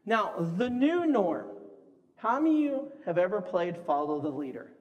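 A man preaching a conversational sermon to a congregation, lively and acting out the voices he quotes. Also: high voice, moderate pace, muffled recording. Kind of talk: sermon with audience games. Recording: long hall reverb.

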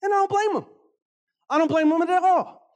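Guy preaching a sermon, real high voice, animated, drags out words for emphasis and keeps asking the crowd if they get it. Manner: animated, drawn-out emphasis, frequent asides to the audience. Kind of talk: conversational sermon.

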